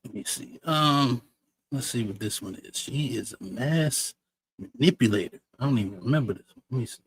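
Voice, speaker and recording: Male host, blunt heated reaction commentary, mid pitch. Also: lively intonation, normal speed, breathy edge, no echo. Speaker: show host reacting to clips.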